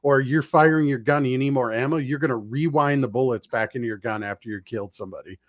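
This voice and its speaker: A man's voice: medium pitch, fast talker, no room sound, studio quality. A man co-hosting a casual gaming podcast, animatedly recounting trailers he watched. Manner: animated, acts out reactions to trailers. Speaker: podcast co-host.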